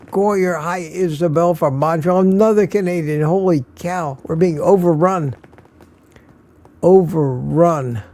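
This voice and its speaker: An older man, tired and slurring a little, hosts a casual live stream and greets his viewers one by one. His voice is gravelly and mellow, pitched a touch high for a man, and he chuckles often between names. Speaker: livestream host.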